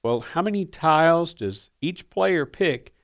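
A man co-hosting a radio show, folksy and deliberate as he reads trivia questions. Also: fairly high pitch, animated. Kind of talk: casual chat, reading trivia questions.

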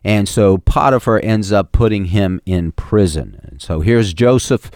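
A male preacher delivers a sermon in a folksy, conversational manner, often pausing on fillers and restarting phrases. His voice sits on the low side. The sound is dry and close, with no room echo. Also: a little mellow.

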